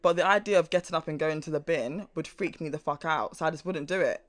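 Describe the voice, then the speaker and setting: A young man chatting casually as a podcast co-host, animated and quick to laugh, swearing now and then. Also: a little high. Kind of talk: casual chat.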